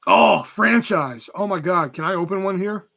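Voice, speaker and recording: High, bright-voiced young man. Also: moderate pace, gravelly. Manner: profane, rambling, reads chat aloud. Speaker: livestream host. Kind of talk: casual live stream chat.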